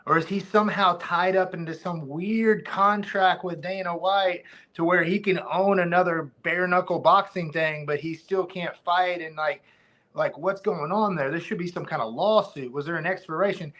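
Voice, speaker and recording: A man's voice: high voice, bright, forceful tone. Rambling man on a podcast. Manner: rambling, many restarts, laughs easily. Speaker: podcast guest, former fighter. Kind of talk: casual podcast chat.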